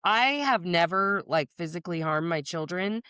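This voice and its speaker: A woman's voice: fairly low pitch, normal speed, bright, forceful tone, no room sound, clean studio sound. A woman therapist hosting a podcast, speaking in candid casual chat, blunt and profane and laughing often.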